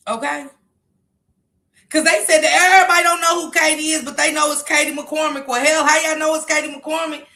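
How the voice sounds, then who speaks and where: A woman's voice: high-pitched, pushed and bright. A woman doing sassy casual live commentary, talking back to clips. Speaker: commentary streamer.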